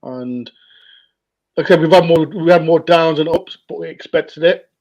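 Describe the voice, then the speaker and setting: A man's voice: fairly high pitch, normal speed, a little mellow. A man guesting on a football chat, talking casually and rambling with lots of hesitations. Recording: dull lo-fi call audio.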